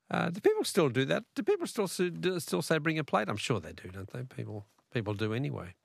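A man's voice: on the high side, sing-song, a little fast, gravelly, breathy edge, no room sound, clean studio sound. An Australian man hosting a talkback radio quiz, chatty and laughing often.

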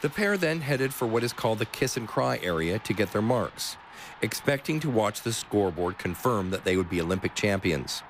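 Low, lively male documentary narrator. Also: normal speed, slight background noise. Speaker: host and narrator. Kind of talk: scripted documentary narration and interviewing.

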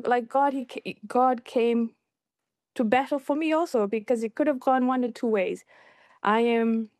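A woman's voice: no room sound, clean studio sound. A middle-aged woman from Fiji, a documentary filmmaker, telling her personal story in an interview and acting out what people said. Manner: animated, acts out quoted dialogue with big pitch jumps.

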